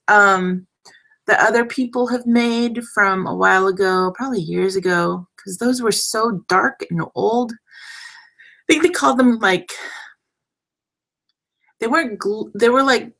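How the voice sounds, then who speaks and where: A young woman talks her way through a craft project on a livestream, unhurried and drawn out. Her voice has a gravelly, fried edge, and she chats in a self-deprecating way, her sentences trailing off while her hands are busy. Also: a little high, a bit bright, rough recording. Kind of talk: casual crafting demo.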